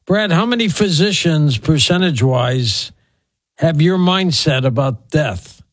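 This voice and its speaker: A male radio host with a somewhat high voice leads a call-in show. He talks in a steady, conversational way, bringing in his guest and greeting callers. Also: a little slow, no echo. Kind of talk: late-night radio call-in talk.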